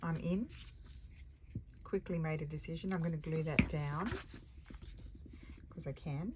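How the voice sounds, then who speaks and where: An older Australian woman with a low voice talks through a craft project at her table, chatty and easily sidetracked. She sounds tired. Steady noise runs under the recording. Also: unhurried. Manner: chatty, easily distracted, thinks aloud while working. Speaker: craft channel host. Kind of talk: casual crafting chat.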